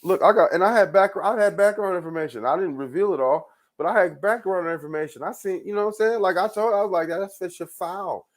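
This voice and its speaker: A man hosts his own show, ranting in loose, rambling commentary. His high voice moves at a quick pace, and he swears often, repeats words and laughs frequently.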